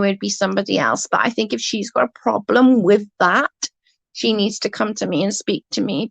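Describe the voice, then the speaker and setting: A woman's voice: medium pitch, no echo. A woman ranting to her livestream viewers, indignant and swearing, speaking straight to her chat.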